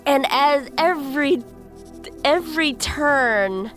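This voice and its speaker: A woman's voice: sits high, lively intonation, takes it slowly, fairly bright tone, faint music behind. A woman playing a tabletop game, playfully describing her character's actions. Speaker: player.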